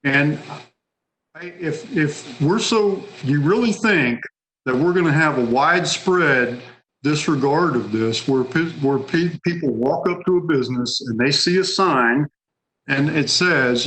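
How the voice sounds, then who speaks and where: At a public policy meeting, a man talks in a conversational, hedging way, acting out what others might say. His voice sits on the high side with a slightly bright quality, and he speaks at a normal speed. The recording is rough, with slight background noise.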